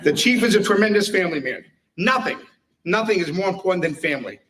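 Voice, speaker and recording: A man's voice: sits high, lively intonation, fast, a bit bright. Man, tribute speaker, storyteller, somewhat distant pickup. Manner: storytelling, chuckling through anecdotes. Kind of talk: humorous tribute speech. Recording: voice heard from a distance.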